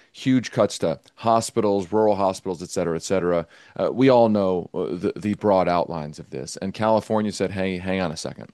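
A man's voice: deep voice, a little mellow, dry recording, clean studio sound. A man answering as an interview guest, explaining at length with frequent filler words.

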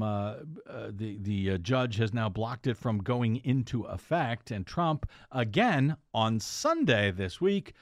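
A man's voice: mid-range voice, dry recording. Guy doing political news commentary, sarcastic, lots of uh's, dead dry mic, no room at all. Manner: sarcastic, halting with frequent "uh" fillers.

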